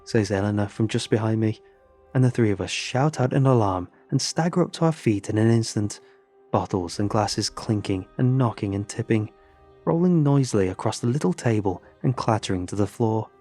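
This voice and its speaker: A man's voice: lowish voice, expressive, moderate pace, dark tone, soft background music. A man narrating a first-person horror story in an earnest, tense way.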